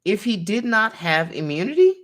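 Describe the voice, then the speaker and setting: A woman attorney reading a court transcript aloud, calling out each speaker's name before their line and pausing to explain it. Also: medium pitch, big pitch swings.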